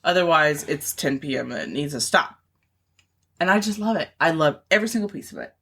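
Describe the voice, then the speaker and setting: A woman's voice: low voice, animated, fairly quick, creaky, fairly bright tone, husky. A woman in her thirties co-hosting a podcast in casual chat, rambling with lots of fillers and restarts. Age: 30s. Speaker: podcast co-host.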